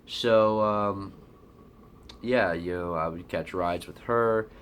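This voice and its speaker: Deep-voiced man telling a rambling story. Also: takes it slowly, slight background noise. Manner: rambling, profane and blunt, with many fillers. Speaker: vlogger. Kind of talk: casual storytelling.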